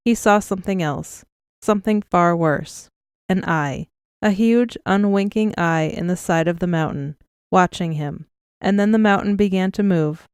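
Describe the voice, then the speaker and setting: A woman reads an audiobook with a smooth, clear, slightly low voice. Her telling is even and measured. The recording is close and dry. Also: dry recording. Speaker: audiobook narrator. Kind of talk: scripted narration.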